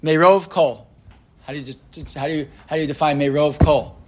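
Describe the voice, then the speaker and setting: There's background noise as a man with a somewhat high voice teaches an informal religious-text class in a steady tone and brisk pace. Loose and conversational, he uses plenty of fillers and restarts and often quizzes his students.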